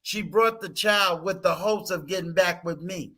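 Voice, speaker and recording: A man's voice: high voice, normal speed, pushed and bright. A man hosting a casual talk stream, telling a personal story with emphatic rhetorical questions. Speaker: host.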